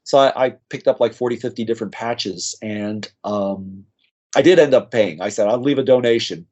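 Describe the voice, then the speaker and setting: An American man, a nurse practitioner, telling animated stories as a podcast guest and acting out the people he quotes. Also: fairly low pitch, normal speed. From United States. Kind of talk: storytelling in an interview. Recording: slightly dull lo-fi audio.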